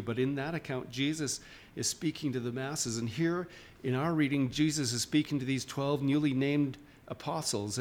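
A man preaching a sermon in a church, informal and questioning, often restarting his sentences. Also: mid-range voice. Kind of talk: conversational sermon.

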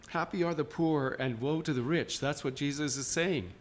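A man's voice: a little high, moderate pace, a little hiss or hum. A man preaching a sermon in a church, informal and questioning, often restarting his sentences. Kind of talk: conversational sermon.

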